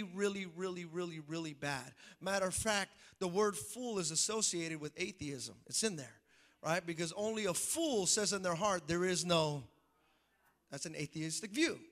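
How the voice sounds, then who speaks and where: High, bright-voiced male pastor preaching. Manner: preachy, calls for congregation response; repeats key phrases for emphasis. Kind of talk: sermon.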